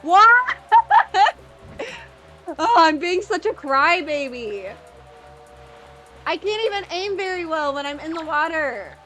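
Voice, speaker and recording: A woman's voice: high voice, expressive, unhurried, soft background music. A woman in her thirties streaming a video game, chatting casually with viewers and playfully exasperated. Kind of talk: casual gameplay chat with viewers.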